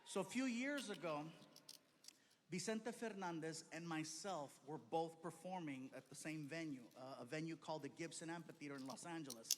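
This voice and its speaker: Animated male stand-up storyteller. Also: fairly high pitch, moderate pace, long reverb tail. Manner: animated, acts out every character. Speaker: stand-up comedian. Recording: stand-up recording with clear background noise.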